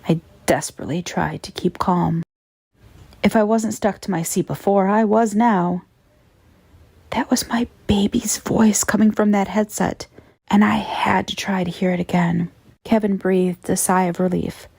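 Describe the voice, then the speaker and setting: A woman narrating a horror story in a measured, grave tone. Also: medium pitch, steady tone, creaky, darkish tone, breathy edge, dry recording.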